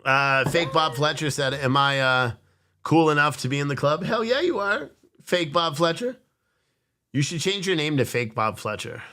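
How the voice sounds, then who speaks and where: Tired guy streaming live, bright sharp voice, swears a lot and cracks jokes reading chat. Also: a little high, moderate pace. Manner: profane, joking, reads viewer comments aloud. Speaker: livestream host selling coffee. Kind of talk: casual live-chat commentary.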